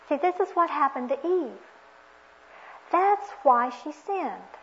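A woman with a high voice preaches a sermon, earnest and reflective, often posing questions to her listeners. The recording is dull and lo-fi. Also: very animated, slow, pauses often, fairly bright tone.

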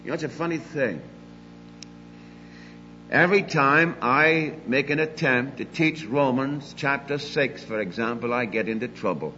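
An older man preaching a sermon, emphatic, moving between loud declarations and quiet asides. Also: mid-range voice, measured pace, long reverb tail, highs cut off, a little hiss or hum.

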